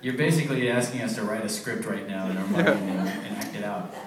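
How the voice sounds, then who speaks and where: A man's voice: lowish voice, a little fast. A man, a voice actor on a convention panel, telling rambling stories and laughing often, recorded from afar in a large hall. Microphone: distant from the recording. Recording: echoey hall from far off, loud noise.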